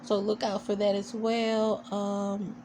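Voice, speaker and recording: Woman vlogger, casual episode recap, sassy and opinionated, lots of "you know", mid pitch, faint noise behind. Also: completely flat delivery, slow pace, dark tone. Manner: chatty, full of "you know" and fillers. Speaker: TV show reviewer.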